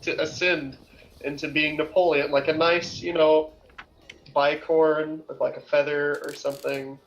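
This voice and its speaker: A man's voice: a little high, level tone, measured pace, fairly bright tone, rough recording. A man playing in a tabletop game, playful and hesitant with fillers. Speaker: player. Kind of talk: tabletop role-play.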